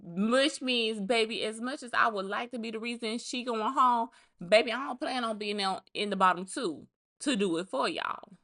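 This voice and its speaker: A woman's voice: fairly high pitch, moderate pace, bright, forceful tone. A woman giving a casual recap of a reality show, talking in a blunt, chatty way, full of profane asides.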